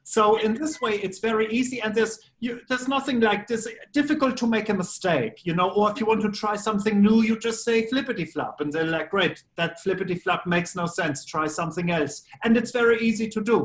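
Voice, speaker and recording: A man's voice: sits high, a little fast, hardly any pauses. Quirky German man in a press interview. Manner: playful, quirky offbeat phrasing. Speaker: voice actor guest.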